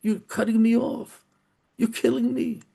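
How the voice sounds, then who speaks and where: A man's voice: high-pitched, steady tone, unhurried, gravelly, mellow, exaggerated voice. A man voicing a grieving dead father who pleads with his son from heaven, repeating himself. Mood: pleading. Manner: pleading, repetitive.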